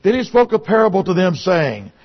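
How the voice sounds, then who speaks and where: A man's voice: high-pitched, sing-song, a little fast, vocal fry. A man preaching a sermon who reads scripture aloud, repeats phrases and presses his points with rhetorical questions. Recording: dull lo-fi recording.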